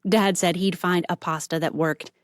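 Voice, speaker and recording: Woman reader voicing a bubbly, brash young barista, lifted pitch, dry close sound. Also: steady tone, normal speed, no echo, lightly acted. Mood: chatty.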